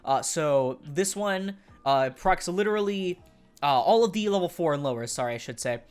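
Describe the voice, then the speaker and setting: Guy with a sick scuffed voice rambling fast about a card deck, kinda high, soft music behind. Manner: fast, rambling, with fillers and swearing. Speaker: YouTube card game reviewer. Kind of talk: casual review talk. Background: faint background music.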